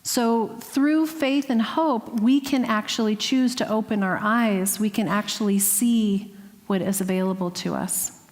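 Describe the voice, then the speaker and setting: A woman giving a heartfelt, earnest sermon as guest speaker, sometimes dropping to a hushed voice. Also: medium pitch, unhurried. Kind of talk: sermon with personal story. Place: spiritual center sanctuary. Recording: long hall reverb.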